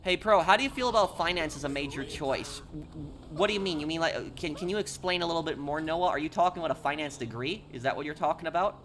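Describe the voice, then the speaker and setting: A man's voice: a little high, fast, hardly any pauses, fairly bright tone, a little hiss or hum. A man streaming a game live, chatting casually with viewers and answering their messages, often stopping and repeating words. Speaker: gaming streamer.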